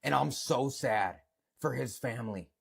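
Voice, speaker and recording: A man's voice: medium pitch, unhurried, creaky, a bit bright, slightly rough. A man ranting in a video clip, stammering, repeating himself and swearing. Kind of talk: emotional video rant.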